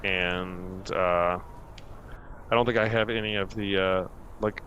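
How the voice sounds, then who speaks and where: Man, game master, unhurried, many fillers, bright voice. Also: sits low, steady tone, muffled recording, a little hiss or hum. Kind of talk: narrating a tabletop game.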